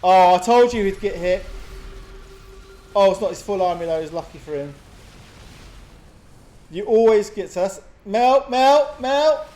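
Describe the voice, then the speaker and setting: A man giving chatty, excitable live commentary on a strategy game match, often laughing. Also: sits high, measured pace, pauses often. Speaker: game caster.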